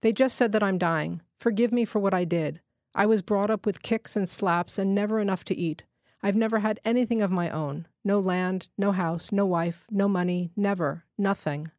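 A woman's voice: medium pitch, normal speed, a little mellow, dry recording, studio quality, natural voice. A woman reading the part of a dying male robber who begs weakly for forgiveness. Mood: pleading. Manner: begging, breathless and weak. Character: dying male thief, poor and pleading.

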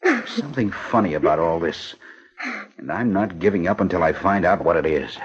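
An actor playing a steady, joking young husband in a 1950s radio drama, with a husky voice and a reassuring, clipped delivery. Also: male voice, deep voice, fairly quick, exaggerated voice. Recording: dull 1950 radio recording.

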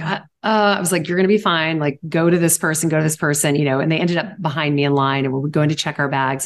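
A woman in her forties from Louisiana talks in a low, full register. She tells quick, upbeat stories as a guest on a podcast interview, with plenty of energy. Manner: animated storyteller, quick and upbeat with laughs. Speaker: guest, charity auctioneer and founder.

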